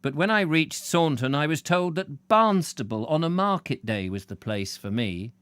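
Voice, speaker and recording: A male audiobook reader with a lively, expressive voice that rises and falls freely. He reads a travel book and keeps wandering into playful, digressive, self-mocking asides. The sound is dry and close, with no room echo. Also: a little high, moderate pace, smooth.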